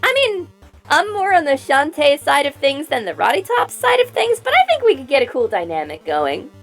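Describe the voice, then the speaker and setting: A young woman streamer talks in an excited, rambling way, tripping over her words as she jumps between bits of trivia. Her voice is very lively, swinging high and low. Faint music plays quietly behind her. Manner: rambling, excited trivia talk with quick restarts. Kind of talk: casual stream chat.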